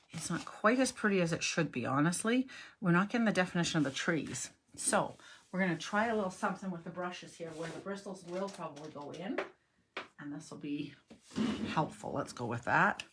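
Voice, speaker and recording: Chatty low-voiced woman teaching crafts. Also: animated, normal speed, background noise. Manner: chatty, thinks aloud, self-correcting. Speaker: cardmaking instructor. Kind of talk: casual demonstration lesson.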